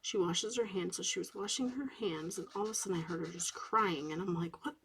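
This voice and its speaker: A woman in her thirties, host of a coloring channel, chatting softly late at night while coloring, sometimes dropping into a whisper. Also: fairly low pitch, fairly quick, a little hiss or hum. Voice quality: gravelly, husky voice. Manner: soft-spoken, drifting into whispers at times.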